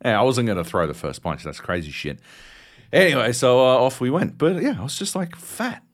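Lively, swearing Australian man. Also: brisk. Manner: animated, swearing storyteller, jumps high in pitch for quoted outbursts. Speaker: podcast co-host. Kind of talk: casual chat.

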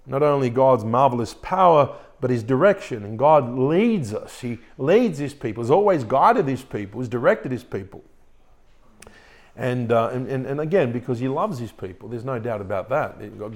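Animated male pastor preaching. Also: on the high side. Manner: animated preaching, reads scripture aloud. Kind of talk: sermon.

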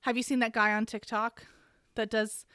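A woman hosting a podcast, giving a chatty, animated casual recap of a book. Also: on the high side, normal speed, clean tone, dry recording, studio quality. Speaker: podcast host.

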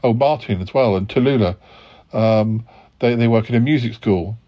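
A man's voice: on the low side, moderate pace, dull audio. A man hosting a comedy podcast, polite and hesitant, full of ums and stammered restarts. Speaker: podcast host. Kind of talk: improvised comedy sketch.

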